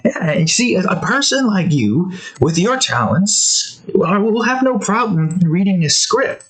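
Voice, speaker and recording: A man voicing a cat who acts as a smooth, flattering casting director. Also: sits high, unhurried, pitched above the performer's own voice, heavily acted, rough recording. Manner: flattering, coaxing.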